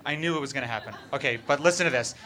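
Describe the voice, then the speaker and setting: A man doing stand-up at a microphone, delivering absurd points as if presenting a serious report. His tone is bright and forceful, broken up by hesitant fillers, and it stays deadpan throughout. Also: medium pitch, very fast. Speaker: comedian. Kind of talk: stand-up slideshow bit.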